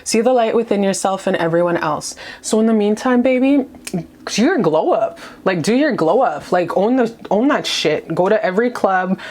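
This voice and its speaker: A woman's voice: medium pitch, a little mellow. A woman doing a casual tarot reading to camera, gushing, playful and profane, often checking in with "okay?". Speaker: tarot reader.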